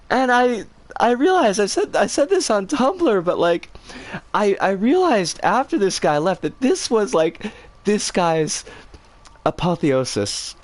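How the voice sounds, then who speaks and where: A woman streamer casually telling a story, animated and swearing freely. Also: a little high, slow, no room sound.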